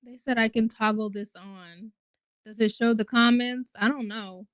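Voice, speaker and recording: A woman in her twenties hosting her own stream, talking in a loose, rambling way full of fillers and casual swearing. Her voice sits a little high, and the sound is dry with no room echo. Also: steady tone, unhurried, fairly bright tone. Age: 20s. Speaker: host. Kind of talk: casual livestream talk.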